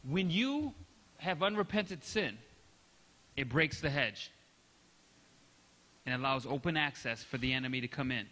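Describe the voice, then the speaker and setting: A man's voice: mid-range voice, measured pace, long pauses, in a large hall. A man pastor preaching in a church sanctuary, talking casually to the congregation and acting out examples. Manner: animated, demonstrative preaching with acted-out examples; conversational, checks in with audience. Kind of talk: sermon.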